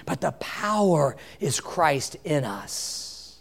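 A man preaching a sermon, telling folksy stories with big swings between loud emphatic passages and quiet ones. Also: sits high, expressive, slow pace. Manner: folksy storytelling preacher with wide swings in loudness. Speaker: pastor.

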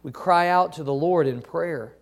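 A man preaching a sermon as a pastor, reading scripture aloud and asking the congregation to answer back, often dropping to soft, slow phrases. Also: fairly high pitch. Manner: preaching with call-and-response questions to the congregation.

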